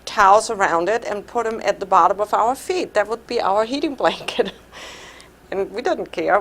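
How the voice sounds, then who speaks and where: A middle-aged woman from Austria with an Austrian German accent, giving a conversational personal speech at a club meeting and laughing now and then. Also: medium pitch. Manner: conversational, laughs while telling stories. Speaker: club speaker.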